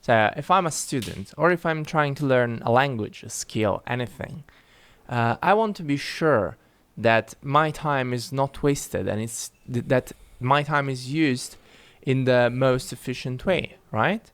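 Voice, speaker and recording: A man's voice: medium pitch, measured pace, a bit bright. A man explaining a learning tool in a casual, conversational way, asking rhetorical questions. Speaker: original course narrator.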